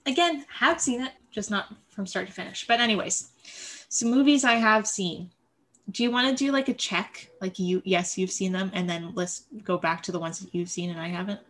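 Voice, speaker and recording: A young woman co-host in casual chat, going briskly through a list and teasing her partner. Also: medium pitch, a bit bright. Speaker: podcast co-host.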